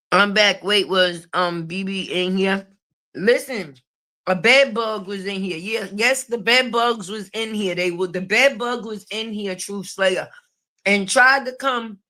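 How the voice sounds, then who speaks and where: A woman's voice: medium pitch, sharp tone. A middle-aged woman giving casual live-stream commentary, brash and profane, laughing often at her own jokes.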